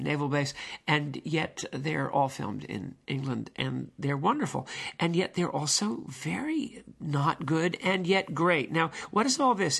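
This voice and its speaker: A man's voice: on the high side, vocal fry, fairly bright tone. A man hosting his own podcast, musing on old films in a rambling monologue full of ums and restarts. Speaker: podcast host. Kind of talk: film commentary monologue.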